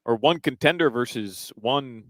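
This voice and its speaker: A man reading sports headlines and weather on a live radio show from an arena, brisk, with fillers between items. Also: medium pitch, a bit bright, dry recording. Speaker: radio update reader. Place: live remote broadcast at an arena.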